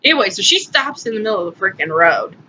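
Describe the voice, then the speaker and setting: A woman's voice: mid-range voice, sing-song, quick pace, bright, forceful tone. A woman in her twenties telling a personal story in a chatty, emotional, rambling way on a phone recording. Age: 20s. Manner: chatty, emotional, lots of "anyway" and asides. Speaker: vlogger. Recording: muffled phone audio with faint hiss.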